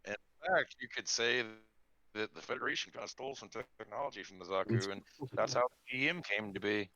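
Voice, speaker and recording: A man's voice: on the low side, a little fast, sharp tone, no room sound, poor audio. A man narrating and running a tabletop role-playing game, joking in loose casual talk. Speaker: game master.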